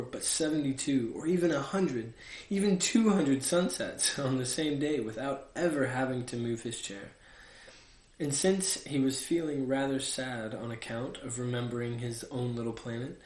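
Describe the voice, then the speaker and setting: A man in his twenties reading a children's book aloud, steady in tone, with casual asides. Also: mid-range voice. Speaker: reader. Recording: echoey room.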